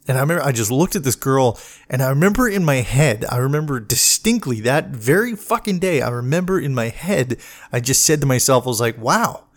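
A man ranting in a casual podcast monologue, swearing freely and exasperated, sometimes mocking other people in put-on voices. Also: mid-range voice. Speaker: podcast host, medic.

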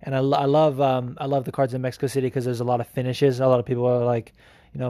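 Profane, rambling podcast host. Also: male voice, mid-range voice, little pitch movement, fast talker, dark tone, no echo. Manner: profane, rambling, with many fillers. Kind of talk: casual podcast monologue.

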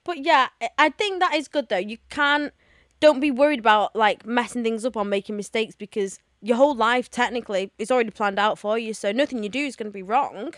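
Giggly high-voiced woman. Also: brisk, no room sound, clean studio sound. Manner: chatty, giggly, animated storytelling. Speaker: podcast co-host. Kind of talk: casual chat.

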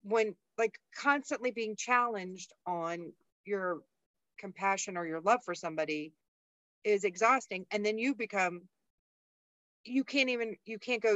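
In a mid-range, slightly bright voice, a bit on the slow side, this podcast co-host chats casually, thinking out loud with blunt honesty and plenty of swearing. There's no echo; the sound is dull, dry, and lo-fi.

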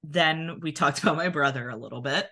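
A woman's voice: low-pitched, fairly quick, pushed and bright. A woman from New Jersey with a Philadelphia accent, co-hosting a podcast and telling a story in casual chat, full of "like" fillers. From New Jersey near Philadelphia. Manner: chatty storytelling, many "like" fillers. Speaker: podcast co-host.

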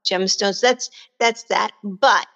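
A woman with a New York accent talks casually as an interview guest. She laughs easily and often restarts her sentences, and her voice sits at a middle pitch. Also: fairly even intonation, takes it slowly, a bit bright, lo-fi sound. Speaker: guest entrepreneur.

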